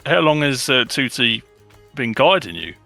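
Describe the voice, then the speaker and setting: Gravelly, bright-voiced male player. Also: mid-range voice, big pitch swings, unhurried, soft background music. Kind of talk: tabletop role-play.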